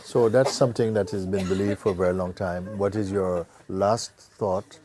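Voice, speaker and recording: A man giving a spiritual talk to a gathering, telling a story in a slow, playful way and acting out characters with gasps and laughter. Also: sits low, fairly even intonation, crowd noise. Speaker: spiritual teacher.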